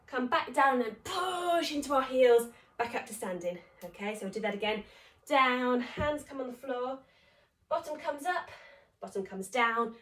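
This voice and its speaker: A woman leading a home workout at a chatty, encouraging pace, counting reps and getting out of breath as she exercises. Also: high-pitched. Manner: breathless from exercising while talking. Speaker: fitness instructor. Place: home room. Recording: echoey room, voice from a distance.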